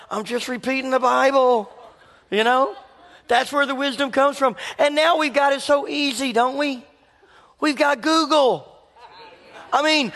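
A male pastor preaching a sermon in an animated way, laughing and acting out conversations. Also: high voice. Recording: long hall reverb.

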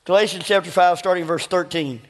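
A man preaching a sermon, telling a personal story in an animated way and acting out both sides of each conversation. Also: sits high, fairly quick. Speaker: pastor. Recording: long hall reverb.

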